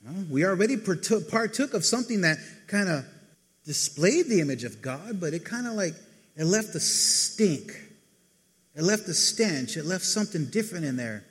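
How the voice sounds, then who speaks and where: A man preaching a casual sermon, talking conversationally to the congregation and acting out people's lines in quick asides. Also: sits high, lively intonation, a bit bright, husky. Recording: reverberant hall.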